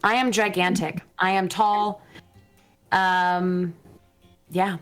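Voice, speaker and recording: A woman's voice: lowish voice, fairly even intonation, fairly bright tone, faint music behind. A woman playing a tabletop game, talking in character in a playful, flamboyant way. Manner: playful, flamboyant, drawn-out phrasing. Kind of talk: in-character role-play chat.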